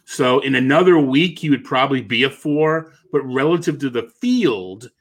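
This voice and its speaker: A man's voice: mid-range voice, lively intonation, normal speed. A man with a Boston accent co-hosting a sports podcast, thinking aloud in casual chat, correcting himself and laughing easily. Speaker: fantasy baseball analyst, co-host.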